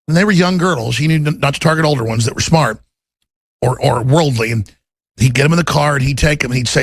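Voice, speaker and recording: Gravelly, husky ranting talk radio man. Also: quick pace, no echo. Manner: intense, ranting, swings to menacing low growls in acted quotes. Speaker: radio talk show host. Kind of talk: political talk radio monologue.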